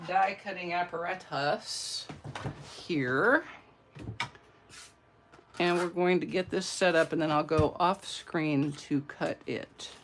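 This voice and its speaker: A woman's voice: on the low side, slight background noise. A woman demonstrating card-making in a casual, chatty tutorial, greeting her viewers and drifting into side stories. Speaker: papercraft demonstrator.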